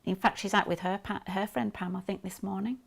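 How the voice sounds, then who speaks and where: A woman's voice: mid-range voice, fairly even intonation, brisk, gravelly, crowd noise. Middle-aged woman, Black Country accent, casual guest demonstrating sewing, chatty and rambling. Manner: chatty, rambling with many fillers and restarts.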